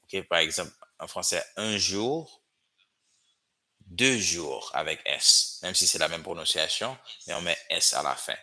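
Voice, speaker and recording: Haitian-accented male teacher on a livestream, deep bright voice, patient and repetitive. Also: rough recording. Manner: slow, drilling repetitions, frequent "okay?" checks. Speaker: language teacher. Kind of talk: livestream language lesson.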